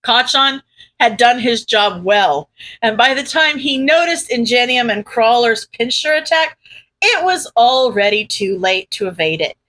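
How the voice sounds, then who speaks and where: A woman reading a fan fiction story aloud with lively narration. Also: fairly high pitch, measured pace, low-quality recording. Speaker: audiobook reader.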